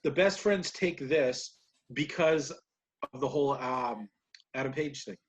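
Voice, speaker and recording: In loose, rambling conversation, a male podcast co-host goes over wrestling matches, frequently laughing. His pitch is medium and his pace slightly slow.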